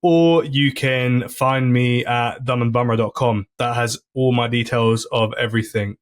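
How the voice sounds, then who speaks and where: Laid-back comedian, laughing easily. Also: male voice, medium pitch, steady tone, unhurried. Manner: laughs often, easygoing and chatty. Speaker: comedian guest. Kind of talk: casual podcast chat.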